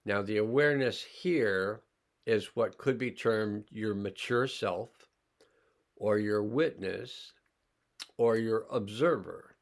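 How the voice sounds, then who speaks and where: A man teaching a healing class, slowly and calmly talking listeners through sensing their body and emotions. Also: fairly low pitch. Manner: slow, calm, pausing, guiding listeners' awareness. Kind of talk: slow guided healing demonstration.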